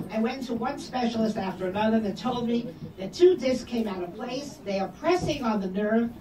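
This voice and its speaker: Older woman telling stories in an echoey hall. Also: fairly high pitch. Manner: animated storyteller acting out quoted dialogue. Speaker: guest speaker. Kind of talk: storytelling talk. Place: hall or room at a community event. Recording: echoey room from a distance, background noise.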